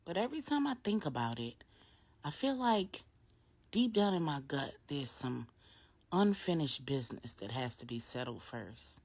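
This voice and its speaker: A woman's voice: low-pitched, sing-song, normal speed, a little mellow, slightly rough, full character voice. A woman voicing a grown woman and mother, confiding reflectively in her best friend in an earnest, conversational way. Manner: earnest, soul-searching, conversational.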